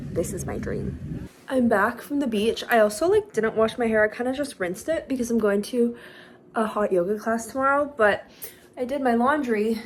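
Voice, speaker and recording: A young woman in her twenties chats into her phone for a vlog, her voice sitting a little high. She rambles and acts out little quoted exchanges, packing every sentence with "like". Plenty of background noise comes through around her. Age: 20s. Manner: chatty, lots of "like", acts out quotes. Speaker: vlogger. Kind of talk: casual vlog chat.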